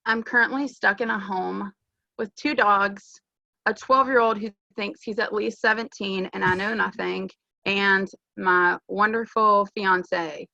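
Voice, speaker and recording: Sarcastic woman with a gravelly voice. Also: mid-range voice, fairly even intonation, moderate pace, bright, forceful tone, no echo, highs cut off. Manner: dry, sarcastic. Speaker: real estate agent in training, playing a buyer. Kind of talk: sales call role-play on a video call. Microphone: video call.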